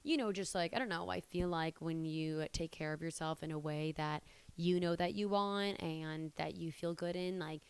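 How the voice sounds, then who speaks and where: A woman's voice: deep voice, moderate pace, few pauses, smooth, dry recording. A woman in her twenties chatting casually to camera in a rambling, conversational way. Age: 20s. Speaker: vlogger and stand-up comedian.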